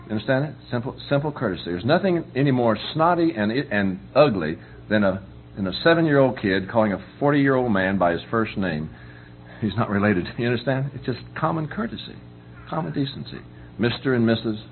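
A man's voice: medium pitch, lively intonation, brisk. Folksy middle-aged guy preaching, keeps checking you get it, tinny phone sound w/ faint hum. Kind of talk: conversational sermon on parenting.

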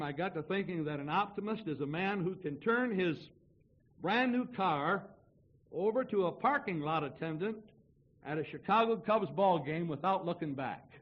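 A male evangelist with a fairly high, husky voice delivers a folksy sermon, spinning wry anecdotes and one-liners for his congregation. The recording is a little dull and muffled. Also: moderate pace. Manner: storytelling, wry and joking. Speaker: preacher evangelist. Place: church before a congregation.

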